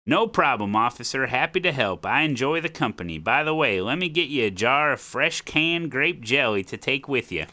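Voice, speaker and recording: A man's voice: mid-range voice, lively intonation, moderate pace, hardly any pauses, sharp tone. A man voicing a chatty, rambling elderly widowed woman who lives next door, folksy and a bit forgetful. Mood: hospitable.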